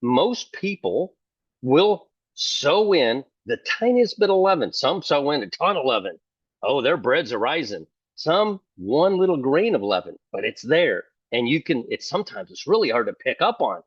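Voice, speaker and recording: Lively sarcastic older man preaching. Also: mid-range voice, moderate pace, husky, no room sound, dull audio. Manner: sarcastic, mimics opponents in mock voices. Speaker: online preacher. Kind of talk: casual preaching to camera.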